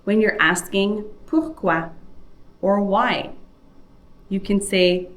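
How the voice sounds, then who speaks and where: A woman teaching a beginner French lesson, reading example questions and repeating them slowly for learners. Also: mid-range voice, a bit bright. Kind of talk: slow, deliberate language lesson.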